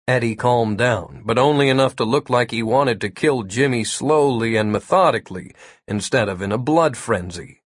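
Husky-voiced male audiobook narrator. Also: mid-range voice, normal speed, dry recording, clean studio sound. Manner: steady storytelling delivery. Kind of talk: scripted narration.

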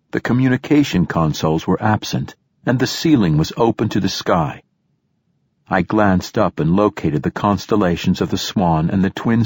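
Low, husky male audiobook narrator. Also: darkish tone, no echo. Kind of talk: scripted first-person narration.

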